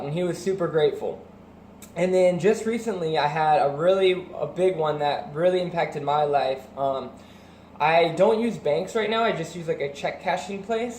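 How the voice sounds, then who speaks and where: A man's voice: a little high, darkish tone, roomy sound, slight background noise. A young man telling a personal story in a casual, rambling way, full of fillers and restarts. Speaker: vlogger.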